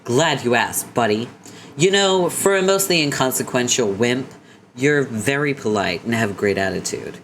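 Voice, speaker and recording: A man's voice: medium pitch, expressive, normal speed, a bit bright, slight background noise. A man voicing a brash, arrogant teenage troll girl who talks bluntly and bosses others around. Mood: bossy. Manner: bossy, blunt.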